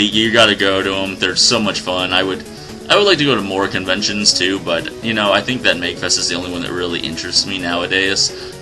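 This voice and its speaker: A man giving casual, chatty commentary while playing a video game, excitable and joking, often laughing. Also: deep voice. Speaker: let's play host. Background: faint game music.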